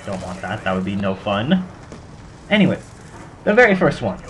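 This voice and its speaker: A man's voice: fairly low pitch, very animated, normal speed, slight background noise. A young man hosting casual gameplay commentary, rambling and joking at his own expense. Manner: rambling, self-mocking, joking. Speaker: gaming channel host.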